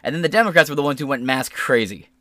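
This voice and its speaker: A man's voice: medium pitch, lively intonation, quick pace, a bit bright, no room sound. A male podcast host ranting in casual political commentary, heated and full of swearing. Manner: heated, profane rant.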